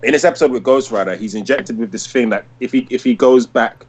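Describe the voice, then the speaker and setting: A man in his thirties chats casually on a podcast, full of enthusiasm. He rambles and restarts often and leans on "like". His voice sits at an ordinary middle pitch. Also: fast, darkish tone, slightly rough. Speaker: podcast host. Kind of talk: casual podcast review chat.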